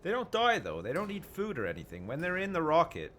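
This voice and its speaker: A man talks his way through a video game on a live stream, thinking aloud and letting the odd swear slip. His pitch swings up and down a lot as he rambles. A steady hiss of noise sits under his voice. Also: fast. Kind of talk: casual live-stream commentary.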